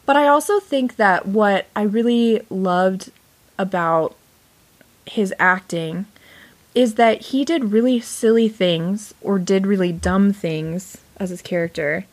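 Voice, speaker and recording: A woman co-hosts a podcast and chats casually about a series she watched. She rambles, restarts and hunts for the right word, padding her talk with fillers. Her voice sits in an ordinary middle pitch. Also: takes it slowly. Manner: rambling, searching for words, lots of fillers. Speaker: podcast co-host. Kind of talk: casual chat reviewing a TV series.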